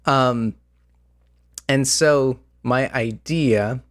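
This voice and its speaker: A man's voice: mid-range voice, very slow, no room sound, studio quality. A man hosting a podcast as game master, chatting casually with many fillers and restarts, his voice slightly worn. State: voice slightly going out. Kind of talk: casual chat about tabletop games.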